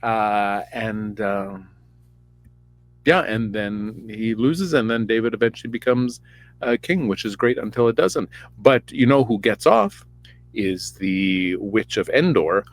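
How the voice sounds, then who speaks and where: A podcast host retelling a story in a casual, crude, rambling comic manner. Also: male voice, fairly low pitch, unhurried, no room sound. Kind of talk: comedic storytelling.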